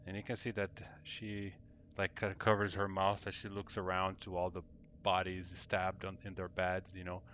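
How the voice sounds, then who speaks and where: A man narrates a tabletop adventure as dungeon master, in a low voice, loose and full of fillers. A faint hum sits behind him. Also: monotone, moderate pace, hardly any pauses, a bit bright, lo-fi sound. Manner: loose, hesitant, lots of fillers.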